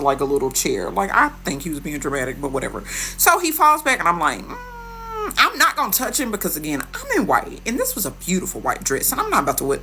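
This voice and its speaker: Animated sassy young woman storyteller. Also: sits low, a little hiss or hum. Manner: animated, sassy, dramatic quoting. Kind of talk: storytelling to camera.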